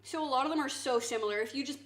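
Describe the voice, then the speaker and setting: A woman streamer chatting casually to her viewers, swinging into loud mock outrage and swearing. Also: high-pitched, racing. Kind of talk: casual live-stream chat. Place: home kitchen.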